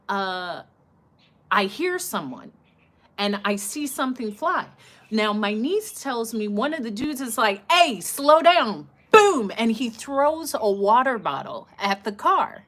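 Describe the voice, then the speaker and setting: A woman's voice: on the high side, unhurried. Woman telling a story on a livestream. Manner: animated, acts out what people said. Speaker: livestream host.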